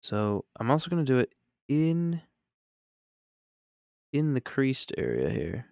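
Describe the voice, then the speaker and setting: A chatty male streamer talks while he paints, rambling and upbeat as he answers his chat. His medium-pitched voice carries a gravelly fry, and the sound is dry and close. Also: very animated, slow pace, darkish tone, no echo. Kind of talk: casual live-stream chat.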